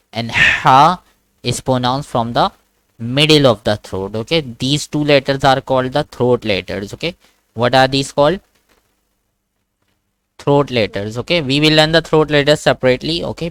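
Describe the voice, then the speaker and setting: A man's voice: mid-range voice, fairly bright tone, smooth, no echo. A man teaching an online one-on-one lesson, patient and repetitive, often checking "okay?" and demonstrating sounds. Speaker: Quran teacher. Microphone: video call.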